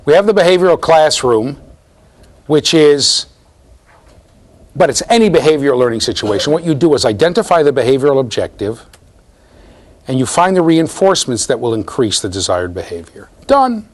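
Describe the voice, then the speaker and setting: A middle-aged man lecturing a large university class, playful and animated, talking straight to his students as he runs a live demonstration. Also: mid-range voice, moderate pace.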